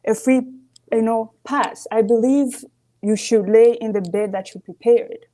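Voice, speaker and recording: A woman's voice: a little high, measured pace, dark tone. A woman calling in to a live show, earnest and emphatic, often asking "you see". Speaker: caller. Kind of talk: call-in opinion.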